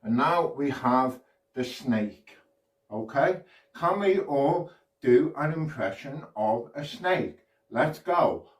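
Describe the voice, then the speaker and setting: Chirpy British kids' magician, echoey. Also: male voice, mid-range voice, expressive, takes it slowly. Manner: chirpy, sing-song, addresses kids at home. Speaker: children's magician. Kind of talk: kids' magic show patter. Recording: echoey room, far from mic.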